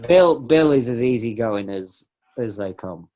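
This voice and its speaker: A man's voice: mid-range voice, unhurried. Stammering man chatting on a fan podcast. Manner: stammering restarts, excitable. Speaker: podcast host. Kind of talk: casual fan podcast chat.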